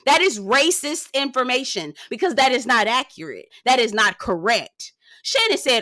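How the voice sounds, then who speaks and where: A young woman rants her way through a celebrity gossip recap, sassy and hollering at her viewers. Her voice sits a little high and comes across bright and forceful. The recording is dry, with no room sound. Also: expressive, normal speed, dry recording. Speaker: gossip commentary host. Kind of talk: ranting recap commentary.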